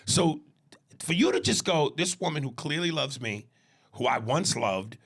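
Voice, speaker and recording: A man's voice: a little high, expressive, unhurried, creaky, a bit bright, husky. A man co-hosting a podcast in casual chat, reflective, often answering with "right". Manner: frequent "right" agreements, reflective. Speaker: podcast co-host.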